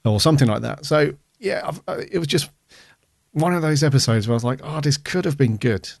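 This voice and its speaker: A man's voice: on the high side, brisk, vocal fry, no room sound, studio quality. A man co-hosting a podcast, chatting casually in a rambling, hesitant way with many fillers. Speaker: podcast co-host. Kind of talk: casual review chat.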